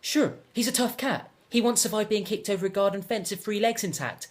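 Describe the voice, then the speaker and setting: A young man delivering a deadpan, rambling comedic monologue as a self-absorbed character. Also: high voice, a little fast.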